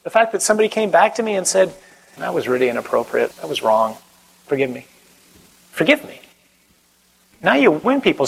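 Husky male priest, higher-pitched, animated preaching style that slips into a calm prayer. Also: low-quality recording. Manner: animated, acts out quoted voices.

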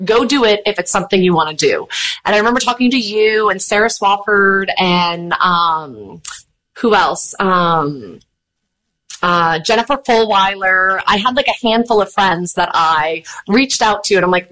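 A woman's voice: medium pitch, normal speed, low-quality recording. A woman, telling her story in a candid, chatty interview. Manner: chatty, animated, candid, acts out quoted voices. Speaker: podcast host and guest.

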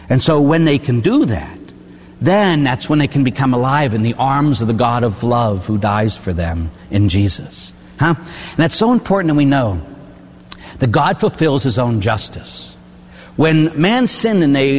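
In a hall full of long, echoing reverb, an older Pittsburgh priest with a mid-range voice delivers a sermon on confession. His storytelling is lively: he performs the voices he quotes and punctuates his points with a tagged "huh?".

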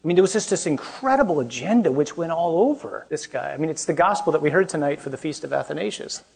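A man's voice: on the high side, expressive, fast, creaky, darkish tone. A man, a Catholic priest, giving a conversational talk to a young adult group, asking the audience questions and adding joking asides.

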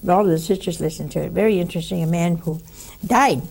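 A woman giving a conversational spiritual teaching, telling stories with lively asides to her listeners. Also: lowish voice, brisk, gravelly, slightly rough.

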